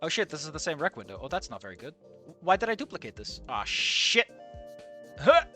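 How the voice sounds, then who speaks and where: Excitable streamer with a bright, lively voice; potty-mouthed desk-mic reaction commentary that swings between shouting and muttering. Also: fairly quick, faint music behind. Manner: excitable, swears a lot, swings from shouted outbursts to low muttering. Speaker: streamer reacting to a fan comic. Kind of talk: casual live reaction commentary.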